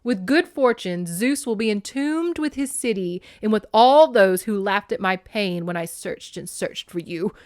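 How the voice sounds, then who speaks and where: A woman voicing a possessive, overbearing goddess mother who talks loudly and smothers her grown daughter. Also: mid-range voice, animated, measured pace, hardly any pauses, natural voice. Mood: vengeful.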